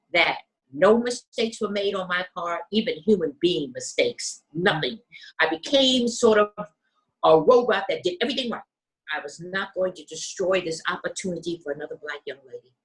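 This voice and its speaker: An older woman from the United States, a guest telling her life story in a measured, careful way, acting out voices of people she quotes. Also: lowish voice, lively intonation, rough recording. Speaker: interview guest.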